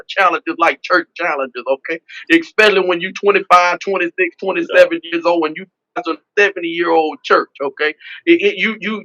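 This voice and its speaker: A man's voice: high voice, bright, forceful tone, muffled recording. A man, a pastor and politician telling his story in an interview with an emphatic, repetitive preacher cadence, often saying "man.". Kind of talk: testimonial storytelling.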